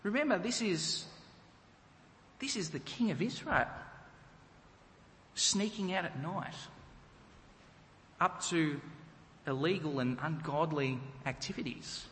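A man's voice: a little high, expressive, takes it slowly, pauses often, fairly bright tone, in a large hall, a little hiss or hum. A man preaching a sermon, emphatic and full of rhetorical questions to the congregation.

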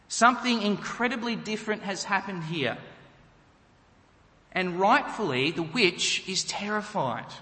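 A man's voice: high-pitched, sharp tone, long reverb tail. A man preaching a sermon, emphatic and full of rhetorical questions to the congregation.

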